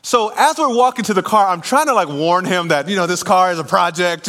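A man preaching a sermon in church, telling a lively personal story with laughter before calling the congregation to respond. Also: high-pitched, a little fast, few pauses, soft background music. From California. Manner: animated storytelling, laughing at himself, then preaching and calling for amens. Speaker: pastor. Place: church sanctuary.

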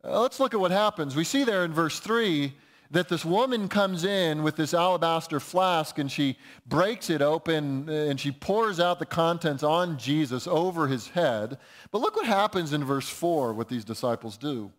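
A pastor preaching a sermon in a conversational, explaining way, often restarting phrases. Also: male voice, fairly high pitch, lively intonation, moderate pace.

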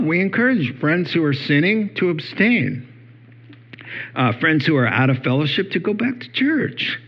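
A man's voice: medium pitch, husky, lo-fi sound. A male pastor giving a conversational sermon, telling stories with many fillers.

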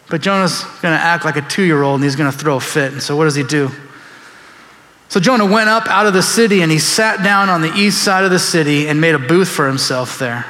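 Guy pastor preaching, animated, acts out bible people, fairly high voice, big echoey church. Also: a little fast. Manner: animated, acts out biblical figures in quoted voices. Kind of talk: sermon. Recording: long reverb of a large hall.

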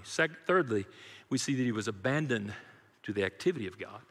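A man's voice: mid-range voice, lively intonation, fairly quick, a bit bright, husky, in a large hall. A man preaching a sermon as pastor, emphatic and rhythmic, calling out to his congregation in a church sanctuary.

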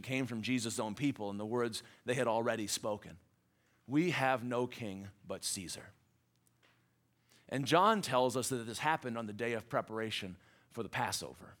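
A man preaching a sermon as a pastor, earnest, building to emphatic passages and dropping to soft, low endings. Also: lively intonation, a little fast.

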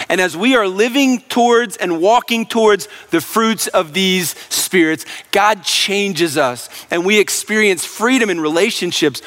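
A man's voice: high-pitched, fairly bright tone. A man preaching a sermon as pastor, earnest, with rhetorical questions and repeated calls to listen.

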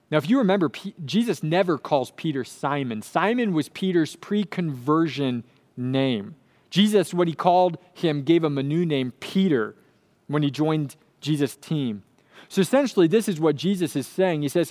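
A man's voice: a little high, expressive, moderate pace, darkish tone. A man preaching a sermon, earnest and emphatic, repeating his key phrases. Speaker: pastor.

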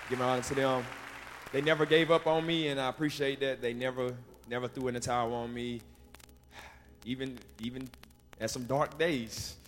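A young man preaches at a church pulpit, his voice ringing through a large reverberant sanctuary. He speaks with emotion and rises into a fervent preaching cadence. Soft music sits faintly underneath. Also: mid-range voice. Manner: emotional, calls out family, rising preaching cadence. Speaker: youth day preacher. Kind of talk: church sermon with acknowledgements.

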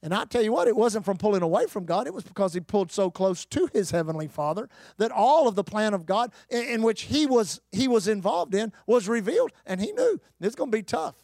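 A man preaching a sermon, emphatic, with rhetorical questions, repeated phrases and occasional shouted bursts. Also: sits high, very animated, brisk, few pauses, no room sound, clean studio sound. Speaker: pastor.

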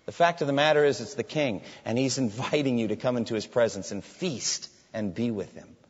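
A man's voice: mid-range voice, a little fast, slightly rough. A man preaching a sermon, reading scripture aloud with emphasis and posing questions to his listeners. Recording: dull sound with long hall reverb.

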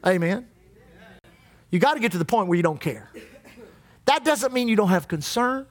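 A man's voice: high voice, lively intonation, fairly quick. A man preaching a sermon as pastor, impassioned and repetitive, drawing out emphatic lines.

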